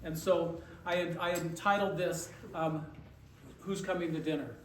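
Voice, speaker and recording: Man presenting, high voice, restarts and repeats, distant mic, noisy echoey room. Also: fairly even intonation, measured pace. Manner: rambling, repeats words, many restarts. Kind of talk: casual talk, joke then presentation.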